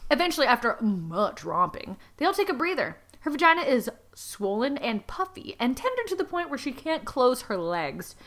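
High, bright-voiced sarcastic woman. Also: moderate pace, hardly any pauses. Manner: sarcastic, deadpan asides while summarizing. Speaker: podcast host reading a story aloud. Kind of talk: comedic recap podcast.

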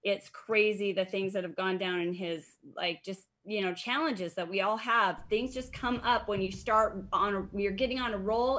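A woman's voice: mid-range voice, fairly bright tone. A woman casually giving an upbeat update on a team call, rambling with many fillers and restarts and getting fired up as she talks. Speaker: insurance agent sharing team update.

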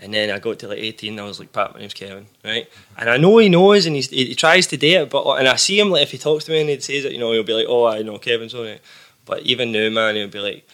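Man, young adult, Glaswegian accent, casual storyteller, bright edgy voice. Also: medium pitch, animated, fast, hardly any pauses. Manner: chatty storytelling, swears casually, laughs easily. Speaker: podcast guest, musician. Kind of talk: casual chat.

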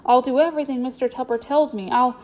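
A woman's voice: sits high, fairly even intonation, quick pace, darkish tone, close to an everyday voice. A woman reading a shy, polite runaway boy. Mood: earnest. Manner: earnest, eager. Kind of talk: storybook reading.

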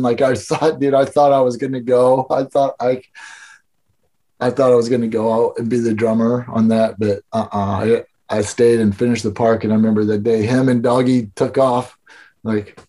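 A man's voice: mid-range voice, dark tone. A man telling stories in a casual interview, loose and rambling, full of fillers and swearing. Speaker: guest. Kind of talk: casual storytelling chat.

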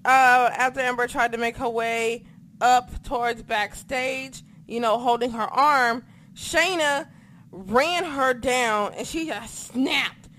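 A woman with a fairly high voice tells stories in a casual chat from home. She talks in an excitable, foul-mouthed way. Faint background noise sits under her voice. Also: takes it slowly. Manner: profane, excitable, animated storytelling. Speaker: podcast co-host recapping wrestling. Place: home apartment.

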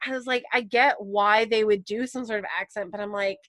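A young woman in casual podcast chat, chatty and quoting others in quick asides. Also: medium pitch, fairly even intonation, a bit bright, no echo, clean studio sound. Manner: chatty, quotes people in asides.

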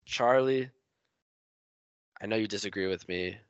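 A man's voice: lowish voice, measured pace, clear, resonant tone, no echo, muffled recording. A man hosting a casual sports podcast, giving his picks and handing the floor to each guest. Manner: leads the talk, hands off to each guest. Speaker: podcast host.

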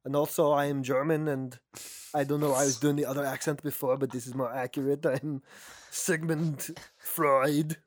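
A man's voice: a little high, moderate pace, few pauses, darkish tone, slight background noise, natural voice. A man putting on an exaggerated fake German accent to play a brash male psychoanalyst. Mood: smug.

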